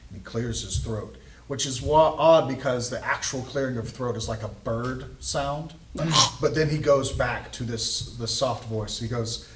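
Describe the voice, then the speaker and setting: A man narrating as game master in a tabletop game, halting and full of ums and restarts. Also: medium pitch, background noise. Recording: echoey room, mic far off.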